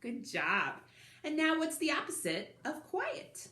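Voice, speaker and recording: A woman's voice: sits high, wildly swooping pitch, slow, pushed and bright. A woman librarian leading a recorded story time for young children, speaking cheerfully and asking them questions as she reads a picture book aloud. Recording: roomy echoey recording.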